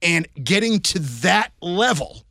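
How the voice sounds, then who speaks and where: A man co-hosting a sports podcast, telling stories in a rambling, animated way with many restarts. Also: sits high, takes it slowly, dry recording, studio quality. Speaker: podcast co-host. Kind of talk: casual sports chat.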